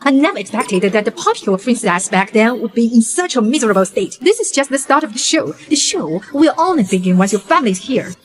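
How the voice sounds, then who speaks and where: A woman's voice: on the high side, big pitch swings, quick pace, hardly any pauses, slight background noise. A gloating spoiled rich girl. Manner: taunting, mocking. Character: scheming spoiled young rich woman, cruel and gloating.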